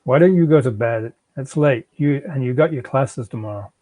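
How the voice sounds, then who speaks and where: A man's voice: mid-range voice, moderate pace, dark tone, no echo, close to an everyday voice. A man reading the part of a defensive, out-of-work young father who stammers and pleads with his wife. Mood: gentle. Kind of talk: live fiction reading.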